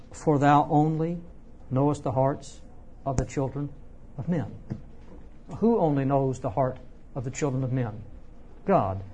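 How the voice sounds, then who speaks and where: Preacher mid-sermon: warm, relaxed tone, emphatic delivery that swoops high and drops low. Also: a little hiss or hum. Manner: emphatic, with wide swings in pitch and loudness; repeats words for emphasis. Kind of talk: expository sermon.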